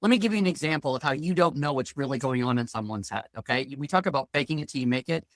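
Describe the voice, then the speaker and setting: A woman's voice: extremely low pitch, quick pace, no room sound. A middle-aged woman, a financial planner guest, talking bluntly and telling stories in a casual interview. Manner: lively, blunt storyteller.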